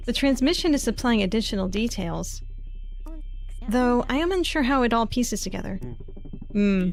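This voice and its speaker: A woman's voice: medium pitch, lively intonation, brisk, soft background music. A woman streamer thinking aloud as she works through a puzzle game, muttering to herself and swearing when she gets frustrated. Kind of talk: casual live game commentary.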